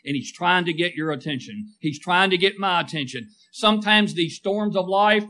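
Male preacher, bright tone, slightly high pitch, swells and drops for emphasis, calls for amens. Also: animated, normal speed, few pauses. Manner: call-and-response, asking the congregation for amens; rising and falling emphatic delivery. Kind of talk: sermon.

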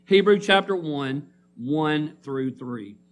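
Speaking slowly in an expressive, rather high voice, a man leads his church congregation through a sermon. He reads scripture and urges responses in an emphatic call-and-response manner.

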